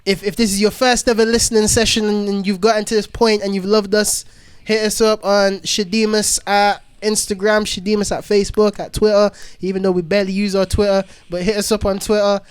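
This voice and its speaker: A man co-hosting a podcast in casual chat, enthusiastic, full of slang and quick to laugh. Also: sits high, flat delivery, clean tone, no room sound. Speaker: podcast co-host.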